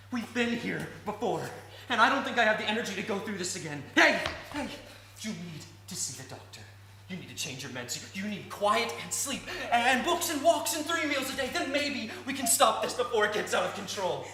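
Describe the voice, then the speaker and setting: An actor playing a worried husband pleading with his partner, earnest and halting. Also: high-pitched, animated, pushed and bright, exaggerated voice. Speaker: drama student in a showcase scene. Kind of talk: dramatic two-hander scene. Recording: echoey room with faint hiss.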